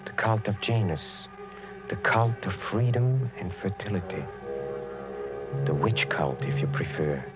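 Creepy smooth count, lowish voice, chuckly, muffled old radio w/ faint music. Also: male voice, lively intonation, unhurried. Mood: sinister. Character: sinister aristocratic count, mocking host. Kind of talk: 1940s radio acting. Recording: dull lo-fi old radio broadcast.

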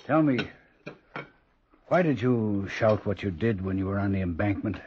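An actor playing a lonely, strange railway signalman who speaks in quiet, terse, mournful lines, in 1940s radio acting. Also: on the low side, expressive, moderate pace, noisy background, lightly acted. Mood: quietly mournful. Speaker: signalman and telegrapher. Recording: dull lo-fi old radio recording.

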